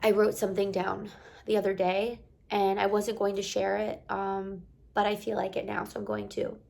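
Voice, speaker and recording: A woman's voice: mid-range voice, normal speed, gravelly, darkish tone. A young woman talking earnestly to camera, giving a heartfelt motivational pep talk with repeated encouraging phrases. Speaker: motivational vlogger.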